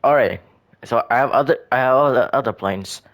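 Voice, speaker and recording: Medium in pitch and fairly quick, a gaming video creator offers casual commentary on his own builds. He rambles hesitantly, often stumbling, restarting sentences and self-correcting.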